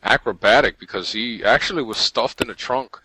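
A man's voice: mid-range voice, brisk, bright, forceful tone, husky, low-quality recording. A man co-hosting a podcast, talking in a casual, rambling way with many restarts. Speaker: podcast co-host. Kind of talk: casual chat.

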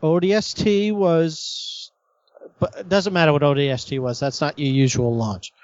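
A man with a slightly raised pitch hosts a casual gaming podcast. He stumbles through restarts and keeps the talk loose. The audio sounds muffled and lo-fi. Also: fairly even intonation, a little mellow. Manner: halting, restarts often, laughs easily.

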